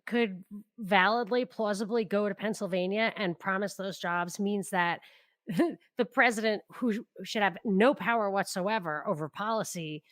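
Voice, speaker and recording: A woman co-hosting a political podcast, talking casually with wry, sardonic remarks and halting restarts. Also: medium pitch, no echo. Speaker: podcast co-host.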